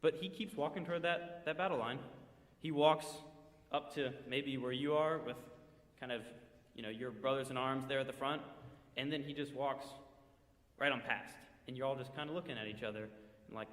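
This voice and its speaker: A man's voice: mid-range voice, lively intonation, normal speed, fairly bright tone. Man telling a sermon story in an echoey church. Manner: vivid second-person retelling with quoted asides. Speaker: church speaker. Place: church sanctuary. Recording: echoey church hall with long reverb.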